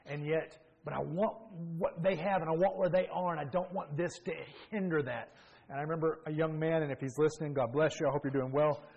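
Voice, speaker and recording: A man's voice: fairly high pitch, a little mellow, husky. A middle-aged man, preaching his personal testimony in an earnest, reflective storytelling manner with frequent restarts. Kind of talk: testimony sermon.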